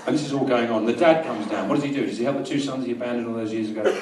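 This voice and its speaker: A London comedian spins a long, absurd story with dry deadpan timing. He is recorded from a distance in a small live venue, so his voice has a roomy echo. The audience's laughter rolls up clearly behind him. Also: medium pitch, racing, background noise. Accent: London English. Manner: rambling deadpan storytelling, bursts into loud rants. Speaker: stand-up comedian. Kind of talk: stand-up routine.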